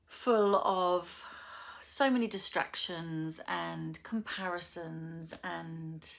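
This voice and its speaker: A middle-aged woman with an English accent, chatting casually and reading poetry aloud, soft and emotional with breathy whispered asides. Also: on the low side. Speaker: vlogger.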